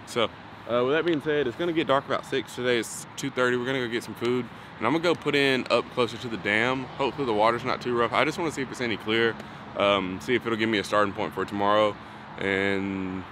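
A man's voice: medium pitch, fast. A young man, talking casually to camera as a fishing vlogger, rambling and thinking aloud with lots of fillers. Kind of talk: casual vlog talk to camera. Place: outdoors on a lake. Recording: noisy outdoor recording with passing vehicles.

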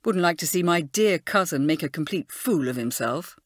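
A woman's voice: lowish voice, expressive, moderate pace, no room sound, clean studio sound. A woman reading an audiobook, voicing a jealous schoolboy who speaks in a sneering, resentful way. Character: jealous, gloomy schoolboy cousin. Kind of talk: audiobook character voice.

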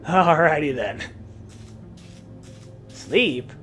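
A man hosting a let's-play video, excitable and profane, often laughing and shouting at the game. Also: on the high side, very slow, faint music behind. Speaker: gaming video host.

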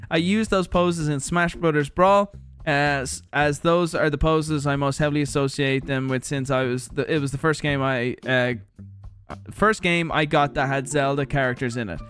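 A young man, chatting casually on a livestream as he opens viewer parcels, animated and swearing freely as he reads letters aloud. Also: fairly high pitch, moderate pace, faint music behind. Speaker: streamer host. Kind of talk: casual livestream unboxing chat.

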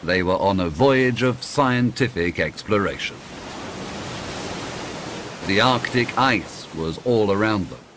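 A man narrating a simple story aloud, reading slowly and clearly. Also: lowish voice, background noise. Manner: slow, clear, expressive reading. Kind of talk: scripted narration of a graded reader.

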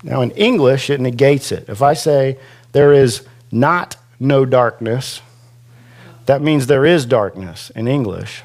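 In a church classroom, a male pastor with a medium-pitched, darkish voice delivers a slow, chatty sermon. He pokes fun at himself along the way and stretches out the scripture he quotes to give it weight.

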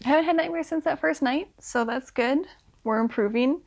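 A young woman chatting casually about a book she is reading, with lots of "like" and quick acted-out asides. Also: high-pitched, gravelly. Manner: chatty, full of "like", acts out characters in quick asides. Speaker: book vlogger. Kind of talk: casual rambling book review. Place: indoors at home.

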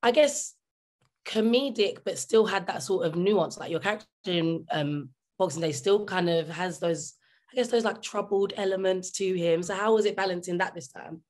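A woman interviewer with a hoarse, fading voice, asking long rambling questions over a video call with a giggly manner. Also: fairly low pitch, normal speed, a little mellow. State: hoarse, losing her voice.

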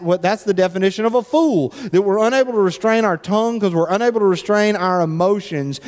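A man's voice: sits high, a little mellow. A man preaching a sermon as a pastor, in a conversational, joking way, often repeating words as he restarts, in a church. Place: church sanctuary. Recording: echoey church hall.

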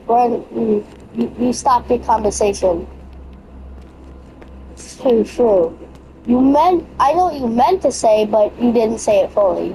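Woman gamer, slow drawl, profane self-talk, noisy background. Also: fairly high pitch, expressive. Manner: profane, joking, talks to herself. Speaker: gamer streaming a horror game. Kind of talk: casual let's-play commentary.

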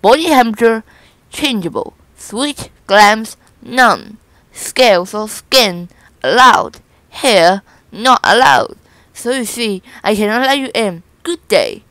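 A woman's voice: medium pitch, expressive, takes it slowly, fairly bright tone, no room sound. A woman reading the part of a formal, officious male doorman in a storybook. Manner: prim, officious listing of rules. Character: stiff, formal male doorman in a white suit.

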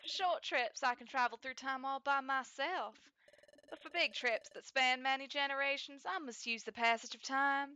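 A woman's voice: high voice, normal speed, sharp tone, no room sound, lo-fi sound. A woman voicing a tiny, prissy female time-travel fairy in a put-on Southern drawl, fussy and easily offended. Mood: explaining. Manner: prim, fussy, giggly.

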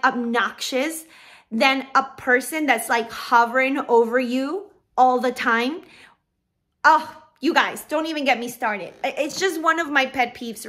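A woman's voice: sits high, pushed and bright. A young woman who runs a balloon decorating business, telling a casual storytime straight to her viewers in a chatty way.

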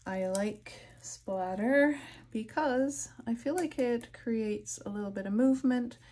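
Woman, art teacher, unhurried, breathy, soft, slips into whispers while working. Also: a little high. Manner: soft-spoken, drifts into whispers while concentrating. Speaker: art instructor. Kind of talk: painting tutorial narration.

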